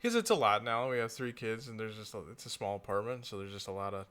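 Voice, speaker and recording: A man's voice: fairly low pitch, animated, fast talker, a bit bright, smooth. A man in his thirties co-hosting a casual podcast, easygoing, with dry quips and short agreeing replies. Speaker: podcast co-host.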